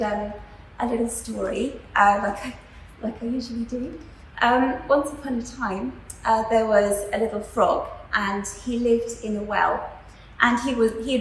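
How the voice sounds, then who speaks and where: A woman teaching a class on spiritual philosophy, talking in a gentle, earnest way with fillers as she tells a story. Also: on the high side. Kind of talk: spiritual lecture to students. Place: school room. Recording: echoey room, faint background noise.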